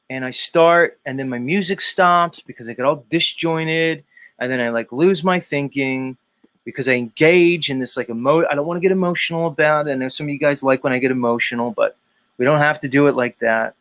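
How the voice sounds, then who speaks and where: A man's voice: fairly high pitch, moderate pace, a bit bright, dry recording. A male host ranting on his commentary show in an agitated, profane and rambling way. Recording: talk show with music playing underneath. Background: music.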